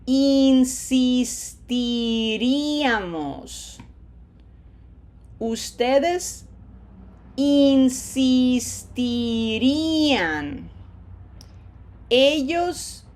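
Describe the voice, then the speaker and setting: A woman teaching a language lesson, stretching out example words slowly and talking in a patient, explaining way. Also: fairly low pitch. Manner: slow, drawn-out modeling of words, then quick asides.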